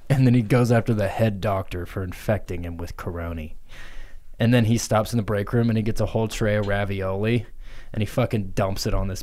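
Low-voiced man riffing crude comedy. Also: a little mellow. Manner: crude, laughing, swearing storyteller. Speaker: podcast co-host. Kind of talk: improvised comedy storytelling.

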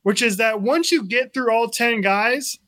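A man's voice: very high voice, unhurried. Chatty man talking sports. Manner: chatty, animated storytelling. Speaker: sports radio co-host. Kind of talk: casual sports talk.

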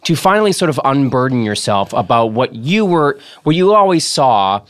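A man hosting a podcast, asking relaxed, probing questions in casual conversation. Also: mid-range voice, normal speed, dry recording. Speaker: podcast host.

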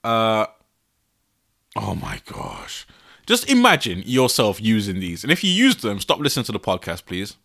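Young male podcast host, bright voice, animated and exasperated, laughs often. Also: on the low side, brisk, few pauses. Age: 20s. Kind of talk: casual solo podcast. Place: his bedroom.

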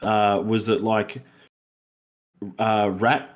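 A man's voice: lowish voice, steady tone, very slow. A young Australian man co-hosting a casual film review podcast, rambling with many fillers and restarts. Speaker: podcast co-host.

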